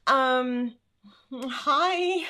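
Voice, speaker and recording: High, bright Australian woman chatting. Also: very slow. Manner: chatty, laughs often, greets viewers by name. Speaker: livestream host. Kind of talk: casual livestream chat. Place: home room.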